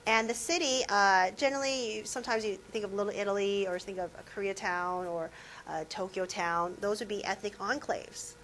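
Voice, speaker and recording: A woman's voice: medium pitch, steady tone, brisk, fairly bright tone, slight background noise, poor audio. A woman professor giving a classroom lecture, conversational and putting questions to her students. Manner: conversational, asks the class questions, many fillers.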